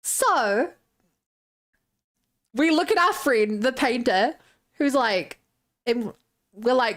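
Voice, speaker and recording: Chatty woman streamer, higher voice. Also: animated, takes it slowly, pauses often, fairly bright tone. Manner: chatty, loose storytelling with many "like" fillers. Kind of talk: casual retelling of a tabletop game session.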